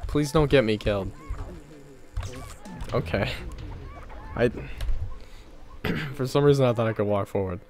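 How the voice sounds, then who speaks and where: A man's voice: mid-range voice, a little slow, pauses often, darkish tone, faint music behind. A man doing gameplay commentary, swearing and getting frustrated at the game. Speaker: let's play gamer.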